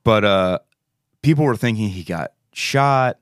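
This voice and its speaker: A man's voice: lowish voice, animated, measured pace, no room sound, clean studio sound. A man with a Philadelphia-area accent co-hosting a podcast, rambling and sarcastic in casual chat. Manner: rambling, sarcastic, trails off mid-sentence. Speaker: podcast co-host.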